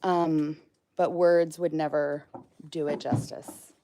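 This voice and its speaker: A woman's voice: sits low, flat delivery, slow, creaky, background noise. A woman filming on her farm, chatting to her animals with dry teasing humor and coaxing them to come over. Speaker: farm vlogger. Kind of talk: casual chat to farm animals. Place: outdoors on a farm.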